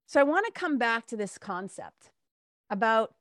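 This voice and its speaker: A middle-aged woman with a slightly high voice talks as a spiritual mentor. She is candid and chatty, swears freely and laughs easily. The sound is close and dry, with no room echo. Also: big pitch swings, moderate pace, a bit bright. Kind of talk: casual monologue.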